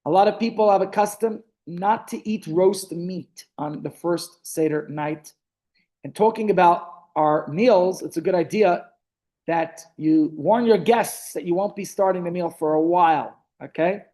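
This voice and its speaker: Chatty rabbi teaching online. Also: male voice, high voice, a little slow, warm tone. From South Africa. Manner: chatty storytelling, frequent restarts. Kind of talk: online Torah class. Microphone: video call.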